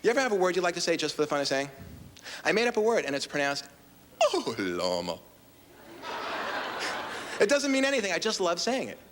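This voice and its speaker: A man performing a wry, deadpan stand-up routine in a TV studio with a live audience. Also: high voice, very fast, big-room sound. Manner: deadpan, wry, drops into quoted voices. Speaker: stand-up comedian. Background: crowd laughter and noise.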